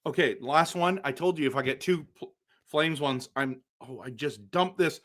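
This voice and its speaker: A man hosting a casual live stream for viewers, excitable and exasperated, breaking into loud outbursts. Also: a little high, normal speed. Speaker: livestream host.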